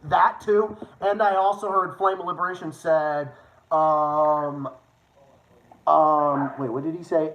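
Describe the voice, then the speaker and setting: A young man hosting a casual livestream, excitable and rambling, swearing often with quick restarts. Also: fairly high pitch. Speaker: livestream host. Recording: echoey room, faint noise.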